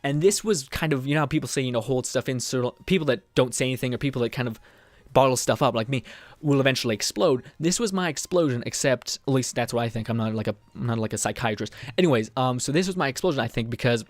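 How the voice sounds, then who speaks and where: A young man talking in a personal vlog, rambling and halting, with many restarts and fillers. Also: mid-range voice, no echo. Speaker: vlogger.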